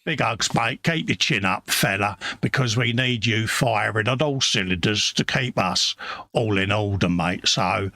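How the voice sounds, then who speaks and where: Rich: A matey London man hosting a live stream and reading out viewers' messages with a grin, his voice gravelly and bright. It sounds close and dry, with no room around it. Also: on the low side, measured pace, dry recording. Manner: jokey, matey, calls everyone mate. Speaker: livestream host reading chat. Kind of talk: casual live chat.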